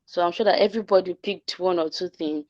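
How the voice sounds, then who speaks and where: A woman's voice: on the low side, fairly even intonation, fast talker, dry recording. A woman giving earnest closing remarks in an online class, summarizing with small restarts. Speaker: class coordinator. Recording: dry, dull online call audio.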